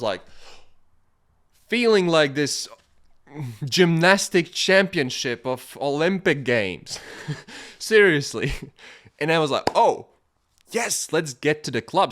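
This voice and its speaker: Speaking at a medium pitch, this male podcast host shares a personal story in a relaxed, monologue style. Parts of it are lively and full of laughter, while other stretches are hushed and thoughtful.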